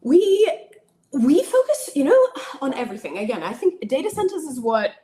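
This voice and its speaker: A British woman, a startup founder, talking in a quick, confident, businesslike way as a guest on a panel chat. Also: high-pitched, very animated, warm tone. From Britain.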